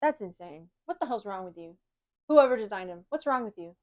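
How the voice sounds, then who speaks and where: A young woman co-hosting a podcast in casual chat, reacting with quick jokes and exclamations. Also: medium pitch, lively intonation, dry recording, lo-fi sound. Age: young adult. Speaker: podcast co-host.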